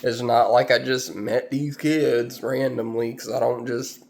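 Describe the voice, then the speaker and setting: A man's voice: medium pitch, steady tone, a little slow, vocal fry, darkish tone. A man chatting casually to his viewers in a rambling, laid-back way, full of fillers. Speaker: vlogger. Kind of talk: casual chat.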